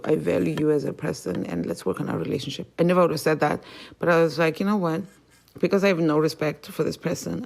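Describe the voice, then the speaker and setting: A woman hosting a podcast, venting about family in a heated, profane monologue that jumps sharply higher and louder when she gets angry. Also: gravelly. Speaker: podcast host.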